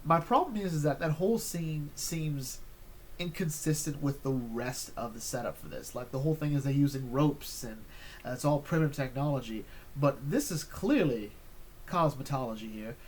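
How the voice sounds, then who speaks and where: A man's voice: mid-range voice, lively intonation, moderate pace, a little hiss or hum. Rambling man reviewing an episode. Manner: rambling, full of fillers and restarts. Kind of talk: casual review chat.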